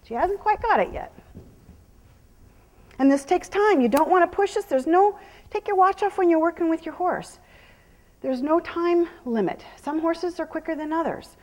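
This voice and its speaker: A middle-aged woman horse trainer teaching a live clinic, calmly explaining as she works a horse and slipping into soft praise and hushed whispers to it. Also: very high voice, normal speed, long reverb tail. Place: horse arena during a clinic.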